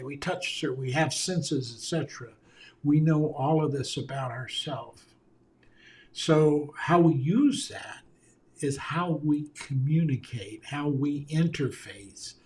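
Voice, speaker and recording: Speaking to viewers through a camera mic, a communication consultant delivers an earnest talk straight to camera. His voice sits on the high side and is a little mellow, and he repeats key phrases to stress them.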